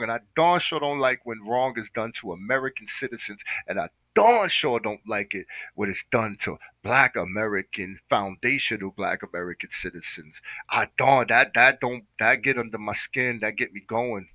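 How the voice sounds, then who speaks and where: A man's voice: mid-range voice, moderate pace, hardly any pauses, sharp tone, dry recording, rough recording. A man hosting a reaction video, talking in an impassioned, preachy way and saying "man" constantly. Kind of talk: casual reaction commentary.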